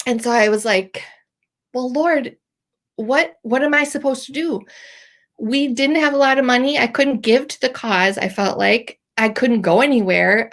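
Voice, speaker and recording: A middle-aged woman telling a personal faith story as a podcast host, emotional and teary at times, with many fillers. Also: a little high. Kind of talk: personal testimony.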